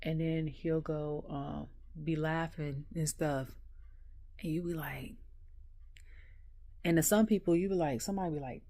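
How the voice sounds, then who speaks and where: A woman vlogging a casual wrestling recap at home, an animated storyteller who laughs often. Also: sits low, a little slow, no echo, studio quality. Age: adult.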